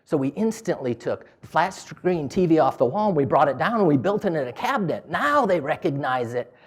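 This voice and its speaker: Guy giving a talk, super animated, does little voices for people in his stories. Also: fairly high pitch, fairly quick. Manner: animated, acts out dialogue in quoted voices. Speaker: business owner giving a talk. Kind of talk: storytelling speech.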